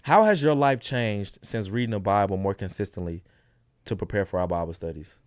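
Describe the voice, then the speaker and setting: A man's voice: lowish voice, fairly quick, no room sound, studio quality. A young man co-hosting a faith podcast, who mostly answers in short affirming words. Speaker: podcast co-host. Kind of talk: casual faith chat.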